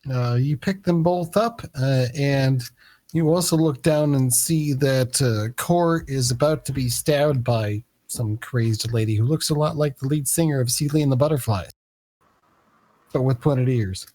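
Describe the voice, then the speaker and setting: A man runs a tabletop game as its game master, describing scenes and calling turns in a halting, filler-heavy way. His voice sits mid-range and sounds dry and close to the mic. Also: medium pitch, mellow, no room sound. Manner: hesitant, many fillers.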